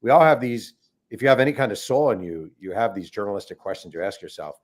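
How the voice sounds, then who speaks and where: A middle-aged man tells a long story on a talk show with a lower-pitched voice. He is animated and slips into quoted voices as he goes. His delivery is conversational and unscripted. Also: quick pace. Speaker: author guest. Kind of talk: casual storytelling interview.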